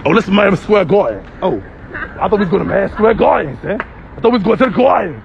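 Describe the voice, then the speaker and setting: A man's voice: sits high, expressive, quick pace, vocal fry, dull audio. A man vlogging on a city street, joking in mock New York slang and laughing often. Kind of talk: casual street vlog. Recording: busy street crowd behind.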